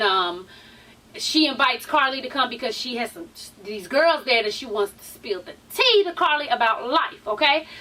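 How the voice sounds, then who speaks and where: A woman's voice: high-pitched, pushed and bright. A tired woman recapping a reality show in a sassy, chatty gossip style, swearing freely and calling her viewers honey and child. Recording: voice somewhat far from the mic.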